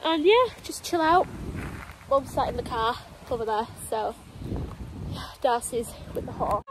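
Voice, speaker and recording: A woman's voice: high-pitched, very animated, a little slow, noisy background. A young woman in her twenties chatting casually to camera while walking her dog through the countryside, a little out of breath. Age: 20s. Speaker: vlogger. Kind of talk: casual vlog chat. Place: outdoors on a countryside walk.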